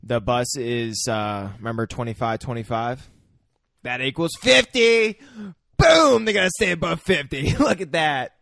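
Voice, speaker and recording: A man with a gravelly, fry-edged voice chats casually on a podcast, tossing in short, mocking remarks. His pitch sits mid-range, and the sound is dry and close. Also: expressive, unhurried, pushed and bright, no room sound. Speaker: podcast co-host. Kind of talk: casual chat.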